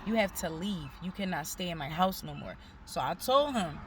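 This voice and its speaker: A woman's voice: on the low side, lively intonation, moderate pace, noisy background. A woman, telling a profane story in a casual vlog and acting out the people she quotes. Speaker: vlogger. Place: outdoors.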